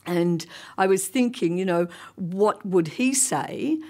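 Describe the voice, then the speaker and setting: A woman's voice: mid-range voice, lively intonation, takes it slowly, a little mellow. A woman giving a chatty conference talk, with many ums and frequent laughs. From Australia. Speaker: conference panel speaker. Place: conference hall.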